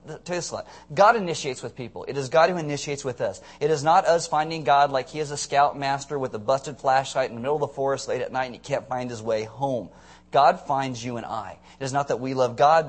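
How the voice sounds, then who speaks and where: A young man preaching a sermon, animated and joking as he tells the story, with sudden loud shouts. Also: mid-range voice. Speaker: pastor.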